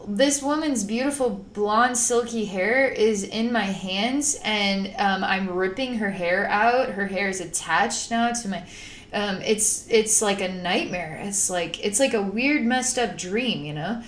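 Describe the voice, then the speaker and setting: A woman's voice: medium pitch, a little slow, roomy sound, a little hiss or hum. A woman psychic talking through a spiritual healing session in a rambling, emotive way, at times acting out panicked voices. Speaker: psychic channeler.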